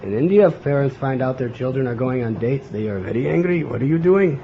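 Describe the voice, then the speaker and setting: Speaking quickly and with animation in a mid-range voice, an American spiritual teacher delivers a sincere devotional talk, often checking in with listeners via a questioning "huh?". Slight background noise and faint ambience come through the dull lo-fi recording.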